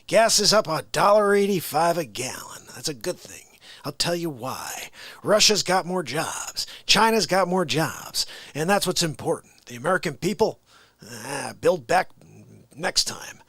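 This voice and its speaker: A man's voice: fairly high pitch, fairly bright tone, no room sound, full character voice. A man doing a muddled, drowsy old president. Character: rambling elderly male president, drowsy and muddled. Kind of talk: comedic political impression.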